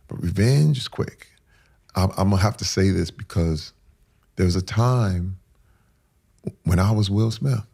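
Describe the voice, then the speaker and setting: A middle-aged man, a podcast guest, telling an emotional personal story with intensity, acting out what people said. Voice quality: deep gravelly voice. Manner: intense, acts out quotes, swings between hushed and loud.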